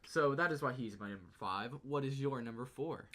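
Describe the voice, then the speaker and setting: A man's voice: medium pitch, a little fast, a bit bright. A man co-hosting a podcast in casual chat, earnest and laughing easily, with casual swearing. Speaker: podcast co-host.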